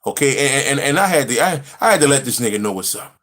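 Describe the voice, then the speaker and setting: A man's voice: medium pitch, lively intonation, quick pace, a bit bright. A man reading a spiritual text aloud and preaching on it, emphatic, repetitive and profane. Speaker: spiritual teacher.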